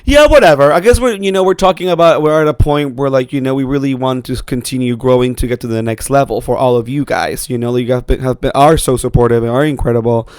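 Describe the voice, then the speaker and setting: A man co-hosting a podcast in casual chat, with a raspy, tired-sounding voice and an animated, profane way of talking. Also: mid-range voice, no echo. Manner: animated and profane, rushing through asides. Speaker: podcast co-host.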